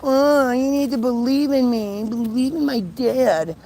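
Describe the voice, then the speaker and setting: Man doing a whiny preacher parody, raised pitch, drawn-out slow delivery, needy pleading tone. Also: vocal fry, darkish tone, heavily acted. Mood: mocking whine. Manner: whining, drawn-out mockery.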